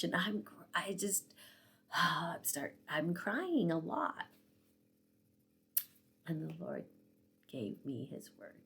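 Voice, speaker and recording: Tearful lady in her 60s vlogging, low gravelly voice, keeps slipping into whispers. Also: expressive, normal speed. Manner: emotional, often dropping to a whisper. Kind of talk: personal storytelling vlog.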